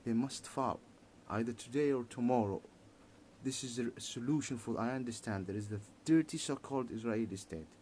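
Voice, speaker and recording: A man giving a heated political monologue in halting, repetitive English, restarting his sentences often. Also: mid-range voice, a little mellow, a little hiss or hum.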